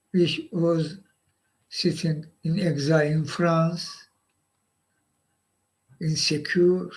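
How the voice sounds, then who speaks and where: Guy w high voice talking slow, choppy little phrases, keeps asking huh?. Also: a little mellow, poor audio. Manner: halting, short phrases with rhetorical "huh?". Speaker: live stream host. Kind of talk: political monologue.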